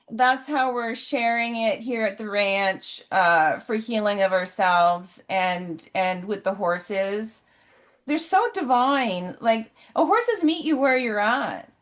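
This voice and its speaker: A middle-aged woman speaking earnestly and emotionally as an interview guest, slow and halting. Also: a little high. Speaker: guest, horse healer. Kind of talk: heartfelt interview answers. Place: ranch.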